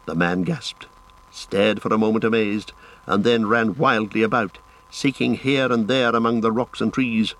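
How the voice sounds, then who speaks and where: A man narrating a fantasy audiobook in a measured, dramatic storytelling manner. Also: fairly low pitch, fairly even intonation, fairly bright tone, low-quality recording.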